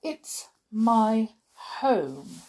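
Woman doing a slurry old porter guy, drawn out and slow. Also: a little high, sing-song, warm tone, breathy edge, heavily acted. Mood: weary. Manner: slurred, mild. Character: slurring down-and-out older male hospital porter.

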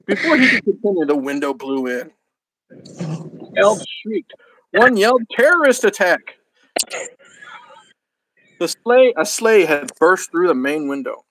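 A man's voice: on the high side, big pitch swings, a little slow, fairly bright tone, rough recording. A man hosting a podcast, reading a crude comic story aloud, often laughing and tripping over words. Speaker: podcast host.

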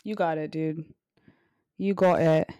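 A woman's voice: low-pitched, steady tone, a little slow, dark tone, clear, resonant tone, no room sound. A woman co-hosting a casual podcast quiz, chatty and swearing freely as she coaxes with hints. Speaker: podcast co-host asking quiz questions. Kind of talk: casual chat.

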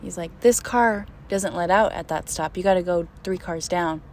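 A young woman telling a travel story in a casual, animated way, often laughing and acting out what people said. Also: fairly low pitch, moderate pace, slight background noise. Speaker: storyteller recounting a trip.

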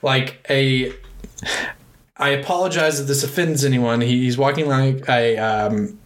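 A man's voice: mid-range voice, fairly even intonation, unhurried, echoey room. A man co-hosting a podcast, chatting casually about a movie and retelling scenes with lots of swearing. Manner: profane storyteller, acts out scenes. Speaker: podcast co-host.

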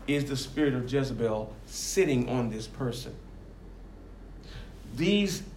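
A man's voice: medium pitch, roomy sound, slight background noise. A man preaching a sermon, rising and falling emphatically and acting out the voices he quotes.

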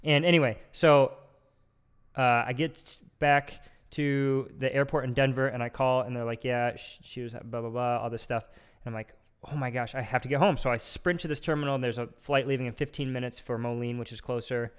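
A man's voice: mid-range voice, steady tone, moderate pace, clear, resonant tone. A young man, a podcast host, telling a long story casually with lots of filler words.

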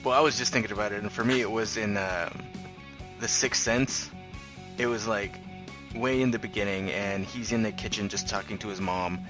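A man's voice: lowish voice, fairly even intonation, moderate pace, over music. A man co-hosting a casual podcast chat, telling stories in a chatty, jokey way and laughing often. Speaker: podcast co-host.

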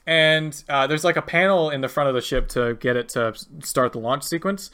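A man narrating as game master of a tabletop game, animated and laughing often as he quotes characters. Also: fairly high pitch, brisk, smooth.

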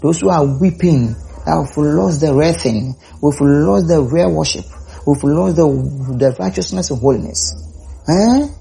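Male preacher, mellow husky voice, emphatic and repetitive. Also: a little high, measured pace. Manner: rising to emphatic calls, repeats words. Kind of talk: sermon.

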